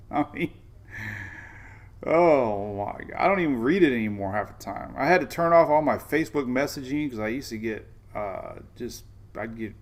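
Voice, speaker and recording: A man with a gravelly, fry-edged voice hosts a live weather show in a loose, chatty way. He rambles, restarts his sentences, and drifts between map talk and venting. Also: medium pitch. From Florida, United States. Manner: rambling, chatty, vents then jokes.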